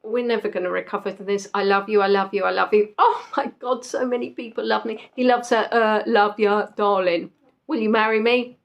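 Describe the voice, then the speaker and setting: A woman's voice: medium pitch, steady tone, fairly quick, gravelly, muffled recording. A young woman hosting a casual quiz, chatty and joking as she reads out the players' answers. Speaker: quiz host. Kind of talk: casual live quiz chat.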